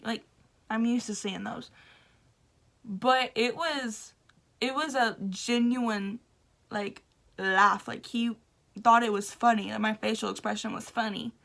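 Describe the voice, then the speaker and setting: A woman's voice: fairly high pitch, slow, vocal fry, pauses often. A young woman vlogger casually recounting a story, laughing often and acting out the people she quotes. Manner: animated, laughing, acts out quoted voices.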